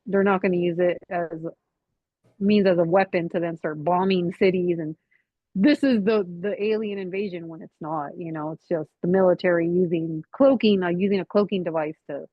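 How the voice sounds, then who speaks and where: A woman hosting a casual chat over a video call, animated and full of "like" and "you know". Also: lowish voice, moderate pace, no room sound. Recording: dull lo-fi call audio.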